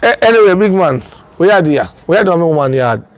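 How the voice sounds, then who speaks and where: Animated high-voiced Jamaican man. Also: quick pace, dry recording. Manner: animated storyteller in patois, acts out quoted voices. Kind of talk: Jamaican film dialogue.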